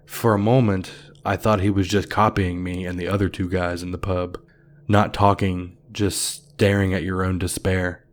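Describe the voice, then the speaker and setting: A man reading a creepypasta as narrator in a measured, somber storytelling manner. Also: sits low. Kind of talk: scripted horror narration.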